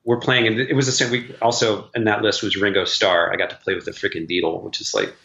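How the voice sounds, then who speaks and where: A middle-aged man recounts his music stories with eager, rambling enthusiasm. His voice sits a little low but sounds bright and forceful. The remote recording is echoey and slightly muffled. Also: little pitch movement, fast, vocal fry. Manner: enthusiastic storyteller, many fillers like "like". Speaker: session guitarist, guest. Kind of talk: casual interview chat.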